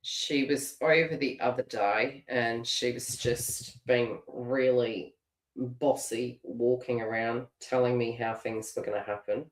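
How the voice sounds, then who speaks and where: A woman's voice: extremely low pitch, steady tone, slow. A middle-aged Australian woman giving a live tarot reading and chatting casually, laughing often and restarting her phrases. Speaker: tarot reader. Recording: roomy echo.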